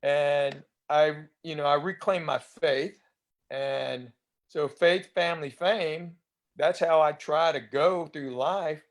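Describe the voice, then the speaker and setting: A man's voice: fairly high pitch, steady tone, takes it slowly. A man in his fifties with a Southern US accent, a comedian chatting as a guest and telling rambling stories. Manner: chatty, rambling, acts out other people's lines. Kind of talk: casual anecdotal storytelling.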